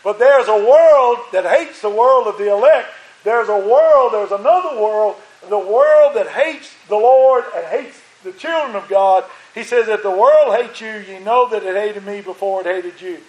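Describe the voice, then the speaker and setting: A man with a high voice preaches to his congregation, driving his points home by repeating phrases. His voice sounds strained from the effort. The sound rings around an echoey church sanctuary. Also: lively intonation, normal speed, darkish tone, lo-fi sound. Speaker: pastor. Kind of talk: sermon.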